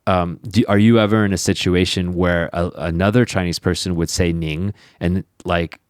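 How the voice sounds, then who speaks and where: A man hosting a casual podcast conversation in a fairly low voice, teasing his guest and restarting his sentences often. The sound is dry and close-miked. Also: fairly even intonation, normal speed, clean tone, no echo. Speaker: podcast host.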